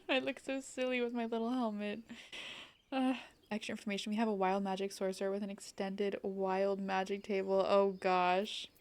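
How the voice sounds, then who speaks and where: A woman's voice: medium pitch, fairly even intonation, normal speed. Bubbly young woman streamer chatting. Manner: bubbly, rambling, lots of "like" fillers and laughter. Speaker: game streamer. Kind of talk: casual live-stream chat.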